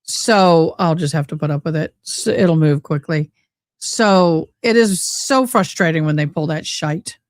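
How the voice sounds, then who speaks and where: A woman with a low, slightly slow voice hosts a casual YouTube livestream, ranting in agitated bursts. She's in a home room with sunlight coming through the window, speaking into a desk mic close by.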